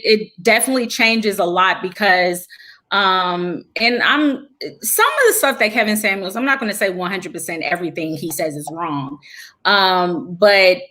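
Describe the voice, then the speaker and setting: A woman's voice: mid-range voice, pushed and bright. A woman who is a guest on a casual podcast chat, speaking candidly, with many restarts and fillers.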